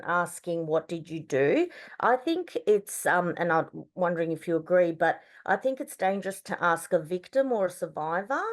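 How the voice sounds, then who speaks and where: Mulher australiana de voz grave e séria. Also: female voice, on the low side. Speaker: webinar participant, victim support worker. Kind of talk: questioning a presenter.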